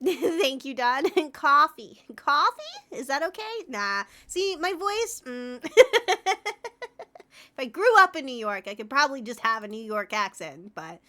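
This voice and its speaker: A woman's voice: sits high, big pitch swings, normal speed, few pauses. A woman game streamer chatting casually and giggling while she plays, talking to her viewers by name. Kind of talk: casual live-stream chat while gaming. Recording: loud background noise with clicks.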